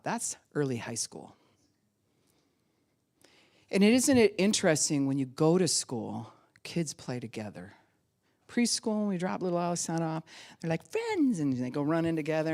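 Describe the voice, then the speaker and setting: A woman pastor preaching a sermon in an animated way, laughing often and acting out the voices she quotes. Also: low-pitched.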